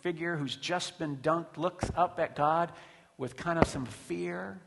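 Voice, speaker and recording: A man's voice: fairly high pitch, takes it slowly, creaky, noisy background. A man preaching a sermon in a conversational way, with rhetorical questions and frequent restarts. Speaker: pastor. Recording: long hall reverb.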